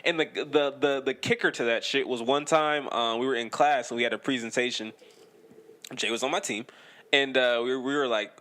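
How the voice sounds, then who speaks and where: A young man co-hosts a podcast, telling a story in casual chat with a mid-range, bright, forceful voice. He swears freely, laughs often and tags his sentences with "right?".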